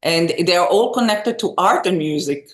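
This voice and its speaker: A middle-aged woman, a singer and vocal teacher telling animated stories as an interview guest. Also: lowish voice, normal speed. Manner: animated, expressive storyteller. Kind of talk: casual interview storytelling. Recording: echoey room.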